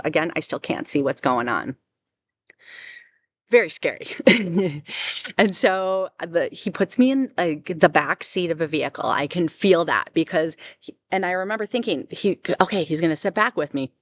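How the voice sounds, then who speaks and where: A woman recounting a personal experience as an unscripted testimony, halting and full of restarts. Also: low-pitched, a bit bright, dry recording. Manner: halting, with many restarts and fillers. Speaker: survivor telling her story. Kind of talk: personal testimony, casual storytelling.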